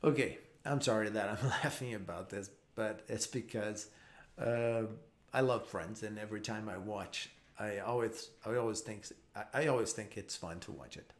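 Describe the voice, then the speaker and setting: A man's voice: fairly low pitch, normal speed. A man giving a live online English lesson, explaining patiently with frequent repeats and restarts. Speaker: English teacher.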